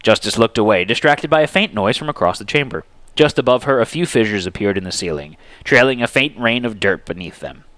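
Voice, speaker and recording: A man narrating a fantasy story aloud in an expressive, animated dramatic reading. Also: fairly low pitch, brisk, no echo.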